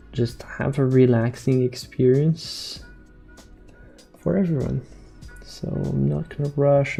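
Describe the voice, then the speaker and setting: A man painting live on stream, talking softly and slowly to his chat and repeating words as he works, with faint music behind him. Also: mid-range voice, creaky. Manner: soft-spoken, slow, repeats words while painting.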